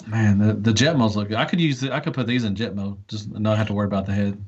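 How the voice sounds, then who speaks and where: A man's voice: lowish voice, quick pace, breathy edge. A man co-hosting a casual podcast chat, enthusiastic and rambling with restarts. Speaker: podcast co-host. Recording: dull lo-fi audio.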